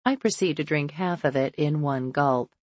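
A woman's voice: moderate pace, a little mellow, no echo. A woman reading a first-person novel aloud, shifting her voice for each character. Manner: shifts pitch and pace to voice characters. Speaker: audiobook narrator.

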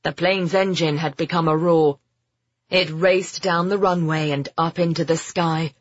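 A woman narrating a story in a slow, measured way. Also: low-pitched, fairly even intonation, no echo. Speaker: audiobook narrator. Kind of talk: scripted narration. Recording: dull, muffled sound.

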